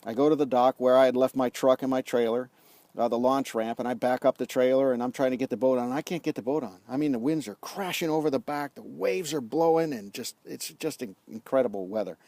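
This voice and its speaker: A middle-aged man telling a lively story in a casual vlog outdoors, acting out the dialogue as a leadership coach. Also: medium pitch, fairly quick, no room sound. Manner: animated storyteller, acts out dialogue. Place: outdoors on a golf course.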